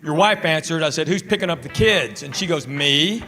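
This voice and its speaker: A middle-aged man doing a stand-up comedy routine on a theater stage, telling deadpan stories and chatting with the audience. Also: a little high, normal speed, music in the background. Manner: deadpan storytelling with crowd work. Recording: live show with loud crowd and noise. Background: loud audience laughter.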